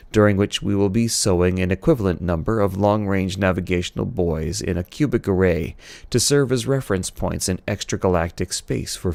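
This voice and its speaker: A man reading a novel aloud, voicing a calm, logical science officer giving a measured briefing. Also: deep voice, vocal fry, no room sound. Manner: measured, even briefing delivery. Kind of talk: audiobook character reading.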